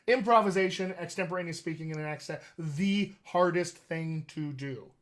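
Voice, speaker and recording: A man hosting a live question-and-answer session as a dialect coach, speaking in a chatty, animated way and often laughing. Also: on the high side, moderate pace. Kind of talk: casual live-stream chat.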